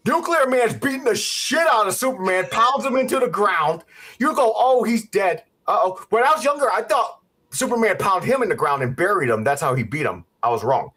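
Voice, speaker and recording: A man's voice: high-pitched, lively intonation, fairly quick, pushed and bright. A man co-hosting a podcast, ranting about a movie in a heated, profane, laughing way. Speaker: podcast co-host. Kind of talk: casual ranting movie recap. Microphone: home podcast mic.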